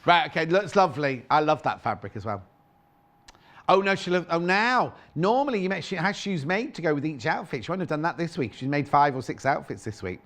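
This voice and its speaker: A man hosting live shopping television, with a slightly raised pitch and a very animated, swooping delivery. He jokes and teases between product prices in a chatty, playful way. His voice is picked up by a clip-on mic in a studio. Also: fairly quick. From United Kingdom. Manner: playful, teasing, chatty, lots of asides. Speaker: shopping channel presenter. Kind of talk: live TV sales chat.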